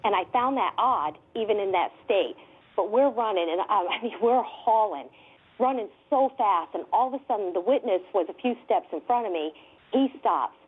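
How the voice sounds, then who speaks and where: Excited woman on a tinny phone line. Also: medium pitch, moderate pace, breathy edge. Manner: excited, laughs often, many fillers. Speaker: guest UFO investigator. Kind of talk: animated storytelling. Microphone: telephone.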